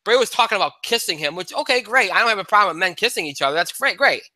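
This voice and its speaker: Bright, high-voiced male podcast co-host. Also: animated, very fast, no room sound. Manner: rambling, restarts, frustrated. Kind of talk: casual sports chat.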